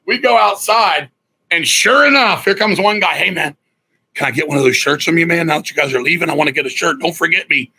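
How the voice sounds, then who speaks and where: A husky, hard-edged man in middle age, telling a story as a podcast guest. His voice sits a little high, and he swears freely as he acts out other people's lines. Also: a little fast, sharp tone, rough recording. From Virginia, USA. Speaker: guest musician. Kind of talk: casual storytelling interview.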